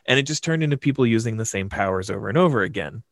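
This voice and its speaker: A man, a game master, casually telling an animated, self-deprecating story in conversation. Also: fairly low pitch, rapid-fire, no echo.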